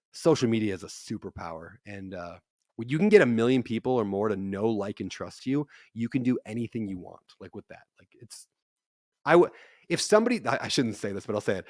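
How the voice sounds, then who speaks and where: A man's voice: medium pitch, dry recording, studio quality. A man in his thirties, a podcast guest, telling stories in casual conversation and acting out the people he quotes. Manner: animated storyteller, acts out quotes. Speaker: guest, real estate investor.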